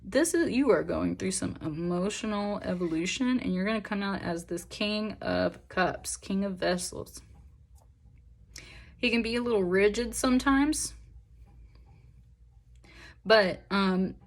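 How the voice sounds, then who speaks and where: A woman's voice: medium pitch, unhurried, gravelly, pauses often. A young woman giving a pick-a-pile tarot reading in an earnest, emotional, encouraging way, rambling with fillers. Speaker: tarot reader.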